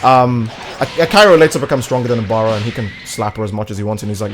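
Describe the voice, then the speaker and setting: A man's voice: on the low side, fast, over music. A young man streaming a game, chatting casually in a rambling, crude, joking way. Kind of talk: casual livestream chat while gaming.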